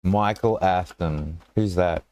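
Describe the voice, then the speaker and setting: A man's voice: low-pitched, takes it slowly, darkish tone. A man hosting a live stream in a casual, joking way, rambling and breaking off mid-thought. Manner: rambling, joking, self-interrupting. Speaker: stream host. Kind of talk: casual chat.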